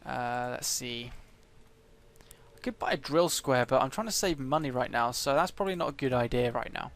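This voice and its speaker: A man's voice: mid-range voice, lively intonation, moderate pace, a bit bright. A man commenting on his own strategy game as he plays, thinking aloud with frequent hesitations and fillers. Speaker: let's play gamer.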